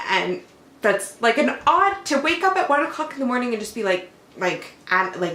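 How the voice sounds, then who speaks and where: A woman's voice: mid-range voice, brisk, sharp tone. A young adult woman and mother, chatting casually at home as she rambles through a personal story, full of "like". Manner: chatty, rambling, heavy use of "like". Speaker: mother and vlogger. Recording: echoey room, faint background hum.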